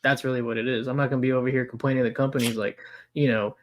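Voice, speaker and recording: A man's voice: mid-range voice, flat delivery, rapid-fire. A man co-hosting a collectibles stream, rambling in a fed-up way with lots of fillers. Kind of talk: casual chat.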